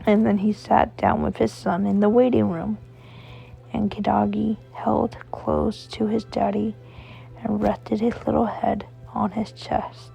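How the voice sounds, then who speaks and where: A woman reading a children's story aloud in a slow, soothing way, with a husky, gravelly voice. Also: medium pitch, flat delivery, mellow. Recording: dull lo-fi recording with faint music.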